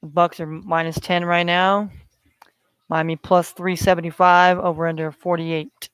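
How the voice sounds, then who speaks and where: A man's voice: sits high, a bit bright, smooth, dry recording. A man hosting a solo sports betting podcast, talking in a rambling way with many fillers. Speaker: podcast host.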